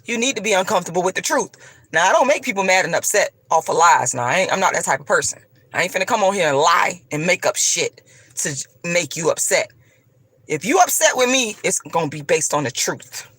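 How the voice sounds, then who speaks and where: A woman's voice: lowish voice, lively intonation, fairly quick, fairly bright tone, husky, no echo. A woman vlogger delivering a profane, combative, preachy rant straight to her viewers. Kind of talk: ranting monologue to camera.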